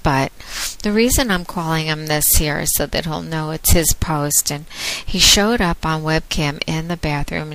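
A woman doing a casual spoken blog in a slow, teasing, drawn-out way. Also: deep voice, a bit bright, poor audio. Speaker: adult webcam domme blogging.

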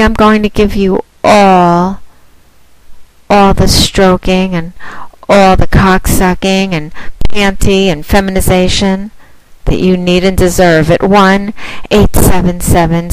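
Woman, slow teasing delivery, commanding, smooth voice, dry close sound. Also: fairly low pitch, dry recording, poor audio. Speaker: phone-sex operator. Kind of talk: recorded promotional monologue.

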